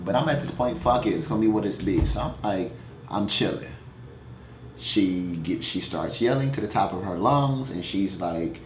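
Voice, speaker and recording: Young male musician, low voice, frank and swearing, loose animated storytelling; echoey room. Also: moderate pace. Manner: candid, profane, animated storytelling. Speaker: musician answering fan questions. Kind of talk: casual storytelling vlog. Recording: echoey room, faint noise.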